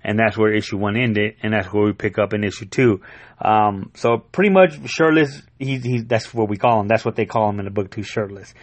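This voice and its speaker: A man reviewing a comic book in casual chat, rambling, excitable and full of profanity. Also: fairly low pitch, brisk, no echo.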